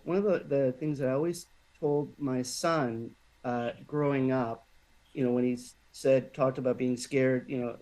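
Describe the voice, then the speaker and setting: A man talking on a podcast at a mid pitch, telling a personal story in an unpolished way. He stops and restarts often and fills gaps with fillers. His tone is plain and conversational. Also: darkish tone, rough recording. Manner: halting, many restarts and fillers. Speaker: podcast guest.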